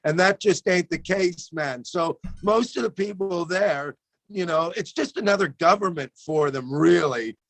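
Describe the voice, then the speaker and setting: A man's voice: high voice, a little slow, no room sound. A man co-hosting a call-in show, chatting loosely and comically, swearing and laughing as he goes. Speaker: comedian co-host. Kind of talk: casual comedic chat.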